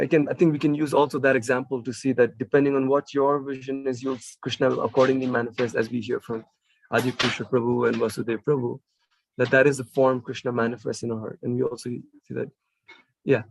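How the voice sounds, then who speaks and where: A man's voice: mid-range voice, vocal fry, dry recording, poor audio. A man leading a morning scripture class in a temple, talking casually with fillers and searching phrasing. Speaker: class speaker. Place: temple room.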